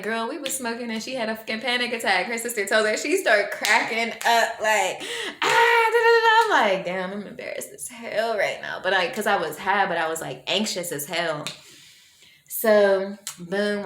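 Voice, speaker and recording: A woman vlogger telling a story to camera in a casual, slangy way, acting out what people said. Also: medium pitch. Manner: animated, slangy, acts out quoted voices. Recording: echoey room with faint noise.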